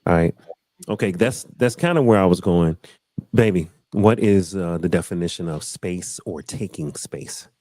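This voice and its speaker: Casting: low-voiced man hosting a relaxed panel talk, repeats himself, dry close mic. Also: normal speed, dry recording. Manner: loose, repeats phrases, says y'all. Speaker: host. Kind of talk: casual panel chat.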